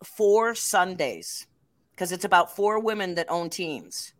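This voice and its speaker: A middle-aged woman from the Chicago area co-hosts a casual show, chatty and quick to laugh. Her voice sits a little low and swings widely in pitch. The sound is dry and close. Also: dry recording. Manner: chatty, laughs often, lively storytelling. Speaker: co-host. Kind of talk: casual chat.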